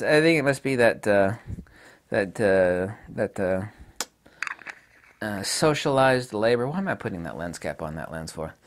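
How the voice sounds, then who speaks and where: A middle-aged man reviewing camera lenses in a blunt, rambling, casual way, swearing offhand and laughing at his own jokes. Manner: animated, pitch swings widely.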